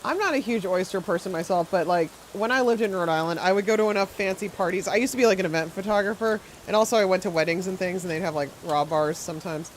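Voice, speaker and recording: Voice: mid-range voice, fast, hardly any pauses, slight background noise, poor audio. A game streamer in casual live-stream chat, rambling and answering viewers while playing, with firm opinions and frequent filler words.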